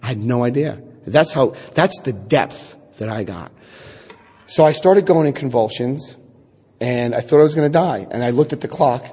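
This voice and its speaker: A middle-aged man giving a personal testimony talk to an audience, an animated storyteller who acts out quotes and adds wry asides. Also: mid-range voice, moderate pace, slightly rough. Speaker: speaker telling his recovery story. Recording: echoey hall.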